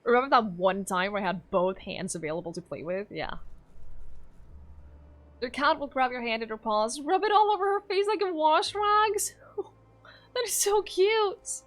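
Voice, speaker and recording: A woman's voice: on the high side, lively intonation, normal speed, a bit bright. A woman from Norway, streaming a game and chatting casually, giggling and cooing at her dog.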